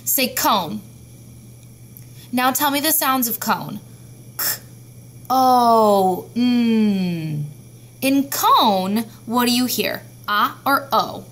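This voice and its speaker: Slow, clear-spoken woman teacher. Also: fairly high pitch, lively intonation, pushed and bright. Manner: slow, clear, sounding out letters. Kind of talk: phonics lesson for young children.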